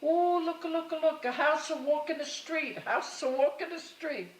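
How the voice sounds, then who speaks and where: A woman's voice: mid-range voice, normal speed, a bit bright, a little hiss or hum, pitched above the performer's own voice, close to an everyday voice. Brief: elderly immigrant mother, emphatic broken English, roomy distant sound, as her daughter imitates her. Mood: insistent.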